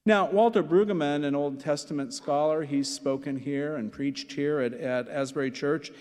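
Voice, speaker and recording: A man's voice: on the high side, moderate pace, darkish tone. A man in his sixties, a pastor preaching a sermon, telling personal stories with asides and repeated phrases. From Nebraska. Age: 60s. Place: church sanctuary. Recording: long hall reverb from church.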